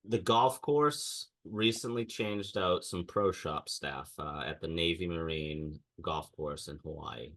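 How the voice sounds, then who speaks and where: A man's voice: deep voice, slow, few pauses, fairly bright tone. A young man and podcast co-host telling a ranting story in casual chat, mimicking the people he quotes.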